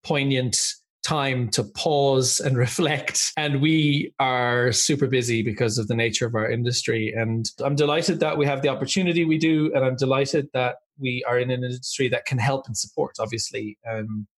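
A man's voice: mid-range voice, steady tone, moderate pace. A man hosting a podcast, reading a guest introduction and then chatting with enthusiasm. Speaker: podcast host. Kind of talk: scripted introduction and casual interview. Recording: music playing behind the voice. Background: music.

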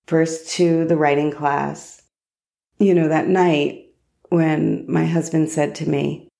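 A woman hosting a solo podcast, telling a personal story in an unhurried, reflective way. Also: low-pitched, gravelly, dark tone. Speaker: podcast host.

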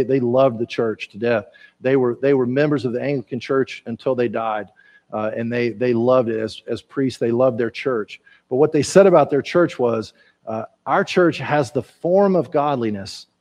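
A man's voice: medium pitch, a little mellow. A man preaching a conversational sermon in a folksy way, repeating words and using lots of fillers. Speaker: pastor. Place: church sanctuary.

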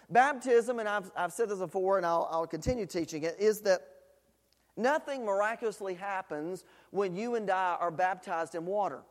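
High-voiced preacher in an echoing hall. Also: male voice. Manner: conversational preaching with frequent fillers, rising to emphatic questions. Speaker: pastor. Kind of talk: sermon. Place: church sanctuary.

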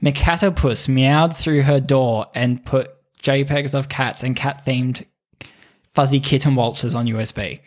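A man's voice: medium pitch, steady tone, a little slow. A man co-hosting a podcast, telling stories in casual chat with lots of laughing and swearing. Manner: giggly, swears often. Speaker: podcast co-host.

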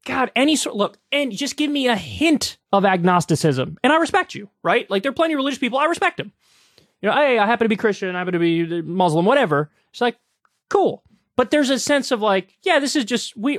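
A man's voice: sits high, fairly quick, no room sound. Sarcastic man, dry close mic. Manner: sarcastic, mocking, animated rants with fillers. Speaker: political commentary host. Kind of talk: casual political commentary.

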